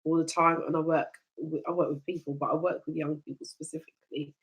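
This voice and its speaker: This chat show host has a deep voice and a quick pace, captured in lo-fi sound. She's a lively storyteller who keeps things relaxed and conversational, often bursting into laughter.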